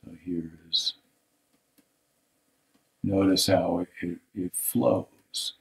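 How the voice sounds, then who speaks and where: A male art instructor giving a live drawing critique, thoughtful and halting, often trailing off into soft mutters. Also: low voice, creaky, rough recording.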